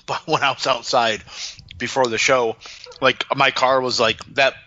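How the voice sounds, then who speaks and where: A man co-hosting a casual wrestling podcast, telling stories in an animated way and swearing freely. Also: medium pitch, a little slow, muffled recording. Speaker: podcast co-host. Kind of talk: casual chat watching wrestling.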